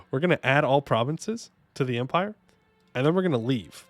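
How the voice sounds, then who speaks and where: A man's voice: medium pitch, expressive, a little slow, long pauses, no echo. A man streaming a strategy game, chatting casually and joking with his chat, humming little fanfares as he plays. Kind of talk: casual gameplay commentary. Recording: faint music behind voice.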